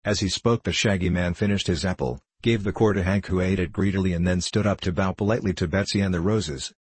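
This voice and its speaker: A man narrating a children's storybook in a steady, measured way. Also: deep voice, breathy edge, no echo. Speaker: audiobook narrator.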